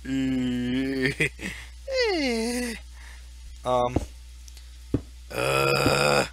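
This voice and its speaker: A man's voice: fairly high pitch, huge pitch swings, drawn-out words, pauses often, fairly bright tone. A young man giving rambling, goofy Let's Play commentary as a gaming YouTuber, laughing at his own jokes.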